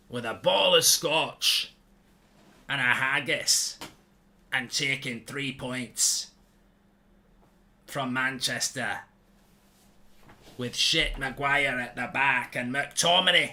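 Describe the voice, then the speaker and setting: A man doing a gruff, fretful Scottish football fan in a broad put-on Scottish accent. He draws out every phrase in a slow, mocking way, and his voice rings bright and forceful. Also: mid-range voice, exaggerated voice. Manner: slow, exaggerated, mocking drawl.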